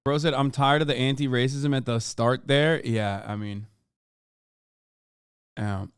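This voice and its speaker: A man's voice: medium pitch, steady tone, a little slow, clear, resonant tone, dry recording, clean studio sound. A young man streaming, reacting to clips with sarcastic, profane commentary and bursts of laughter. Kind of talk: casual livestream commentary.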